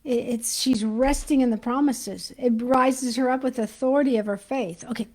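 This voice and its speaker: Warm, excited woman teaching faith. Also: on the high side, low-quality recording. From United States. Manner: excited, chatty, pauses to hunt for her notes. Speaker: Christian ministry teacher. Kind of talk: informal livestream teaching.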